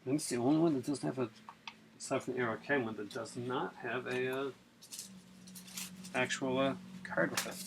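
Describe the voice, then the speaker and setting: A man hosting a casual unboxing vlog who talks in an excitable, rambling way with many fillers. He sounds chilled from being out in the cold and rain. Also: medium pitch, moderate pace, vocal fry, pauses often, very noisy. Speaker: video host.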